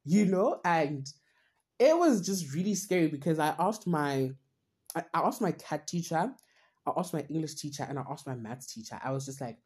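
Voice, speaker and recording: A woman's voice: deep voice, animated, moderate pace, a little mellow, husky. A young woman hosting a podcast, talking earnestly and at length about her own struggles in a rambling, self-searching way. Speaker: podcast host. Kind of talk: personal reflective monologue.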